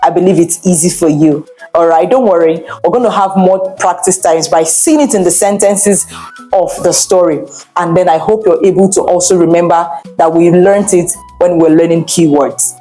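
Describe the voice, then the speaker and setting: A woman's voice: lowish voice, steady tone, normal speed, warm tone, soft background music. A woman teaching children, telling a bilingual story with chatty, encouraging asides.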